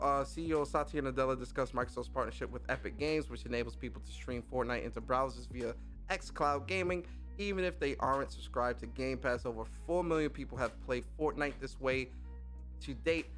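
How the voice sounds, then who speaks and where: A man hosting a gaming podcast who reads out industry news and reacts to it in casual, animated, profane commentary, laughing often. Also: mid-range voice, fairly quick, soft background music.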